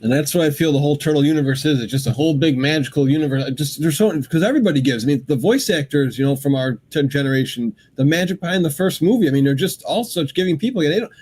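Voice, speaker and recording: Fast-talking enthusiastic male host. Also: a little high, animated, darkish tone, husky. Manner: enthusiastic fan talk. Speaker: podcast host. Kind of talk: casual chat.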